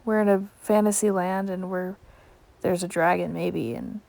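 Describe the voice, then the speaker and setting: A woman's voice: fairly low pitch, fairly even intonation, moderate pace, gravelly, darkish tone. Playful rambling woman painting outdoors. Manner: rambling, playful, self-talking with sudden whispers. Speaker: art vlogger. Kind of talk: casual chat while painting outdoors. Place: backyard, outdoors.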